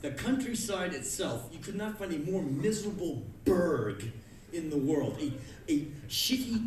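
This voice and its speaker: A man in his early thirties giving a live spoken word monologue on stage, ranting in sudden shouted bursts of rage. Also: a little high, big pitch swings, a little slow. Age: early 30s. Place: music club on stage. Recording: echoey club from far off, crowd noise. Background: audience laughter.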